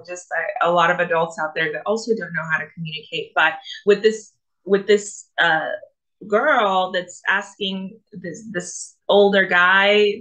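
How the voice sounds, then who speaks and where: A woman's voice: medium pitch, a bit bright, rough recording. A woman from Africa hosting a reaction video, commenting thoughtfully and often restarting her sentences. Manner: thoughtful, hesitant, with frequent restarts. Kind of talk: casual commentary.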